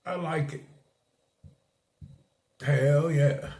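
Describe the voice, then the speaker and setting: A man's voice: fairly high pitch, steady tone, extremely slow, warm tone. A man chatting casually on a live stream, laughing often and answering viewers' comments. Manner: laid-back, laughs often, chats with viewers. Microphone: streaming setup. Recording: roomy echo.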